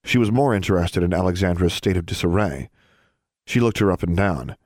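A man narrating a fantasy audiobook in a steady, even storytelling manner. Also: low-pitched, a little fast, no room sound, clean studio sound. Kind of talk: scripted narration.

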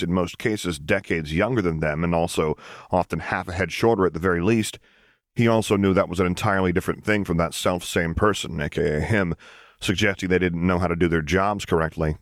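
A man reading fan fiction aloud as an audiobook, narrating in a calm, even storytelling manner. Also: low-pitched, no echo, studio quality. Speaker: audiobook reader.

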